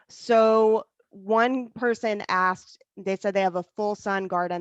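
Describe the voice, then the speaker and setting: A woman's voice: medium pitch, no room sound. Polite woman moderator on lo-fi audio. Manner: polite, friendly, reads questions aloud. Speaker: class moderator. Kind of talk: reading audience questions. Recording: dull dry lo-fi audio.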